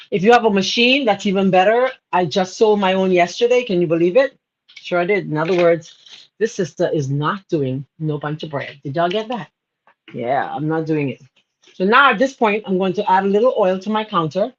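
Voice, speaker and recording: A woman's voice: mid-range voice, lo-fi sound. A Bahamian woman hosting a casual live cooking demo in her home kitchen, chatty and laughing often as she greets viewers. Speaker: cooking show host.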